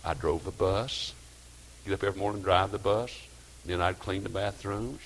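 Older man, pastor, folksy sermon storytelling, quiet asides and loud preaching. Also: low voice, moderate pace, a little hiss or hum.

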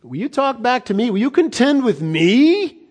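A man voicing God as a thundering challenger, booming and rising in defiance. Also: sing-song, moderate pace, a little mellow, heavily acted. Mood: defiant.

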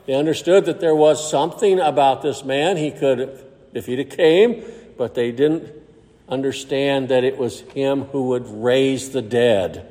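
A man's voice: mid-range voice, unhurried, mellow. Man preaching in a reverberant hall. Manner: reads scripture aloud in King James wording, then explains it plainly. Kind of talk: sermon with scripture reading.

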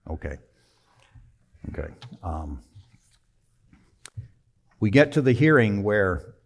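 A middle-aged pastor with a fairly low voice preaches a sermon, telling a personal story with emotion. He moves from quiet delivery to emphatic.

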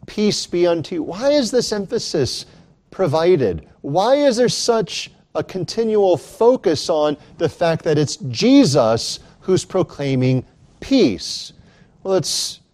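A man's voice: fairly high pitch, darkish tone. A man preaching a sermon in an earnest, emphatic way, rising dramatically on key lines.

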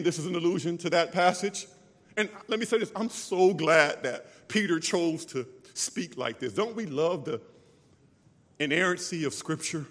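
A man preaching a sermon with passion, moving between loud cries and hushed, quiet stretches. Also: sits high. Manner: impassioned, swings from loud cries to hushed tones. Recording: long hall reverb.

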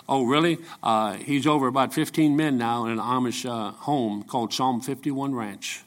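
An older man preaching a folksy, joking sermon full of stories, rising into shouted peaks. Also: medium pitch, normal speed, hardly any pauses.

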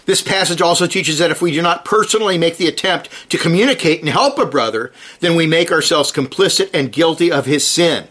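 A man delivers a sermon in an earnest, emphatic manner, his voice sitting a little high for a man. He drives each point home with short, repeated commands. When he reads scripture, he slows down and builds the stress as he goes. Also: fairly bright tone. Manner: reads scripture aloud slowly with rising emphasis. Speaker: preacher.

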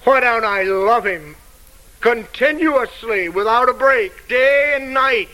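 An older man preaching with fervent emotion, his voice high and bright. He speaks slowly and deliberately, rising and falling as he quotes old scripture. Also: rough recording. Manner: fervent, emotional preaching with wide swings in pitch and loudness; quotes scripture in old-fashioned King James wording. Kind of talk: sermon.

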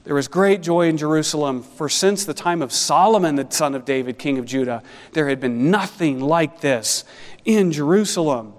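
A man preaching an expository sermon as pastor, animated and conversational with wry asides. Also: fairly high pitch, moderate pace, big-room sound.

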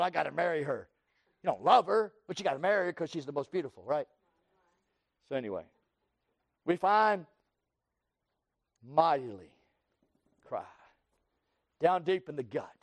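A man preaching a sermon, folksy and repetitive, swinging from low asides to loud, pleading cries. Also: no room sound. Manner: folksy, repeats key words. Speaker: pastor.

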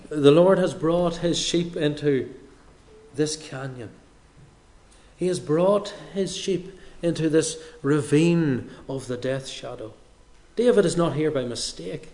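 A man delivering a sermon at an unhurried, deliberate pace. His voice sits a little higher than most men's, and he leans on pauses for weight. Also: a little mellow. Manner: slow, measured delivery with dramatic pauses. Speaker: preacher.

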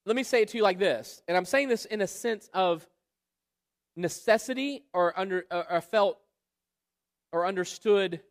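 Male preacher, high voice, emphatic expository style, long hall reverb. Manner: emphatic, rhetorical questions, drawn-out stresses. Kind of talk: expository Bible sermon.

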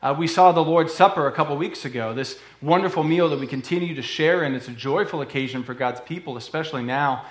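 A man preaching a sermon in an earnest, conversational way, often pausing with fillers. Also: fairly high pitch, roomy sound. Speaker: pastor.

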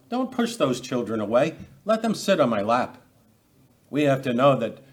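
Guy pastor preaching, chatty, asks questions, keeps repeating words, acts out the quotes. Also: medium pitch. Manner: conversational preaching with rhetorical questions and acted quotes; repeats words and restarts phrases. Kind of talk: expository sermon.

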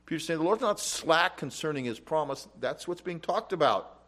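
A man's voice: on the high side, lively intonation, moderate pace. A man preaching an expository Bible teaching, reading verses aloud and explaining them emphatically. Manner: emphatic, rising loud on quoted scripture.

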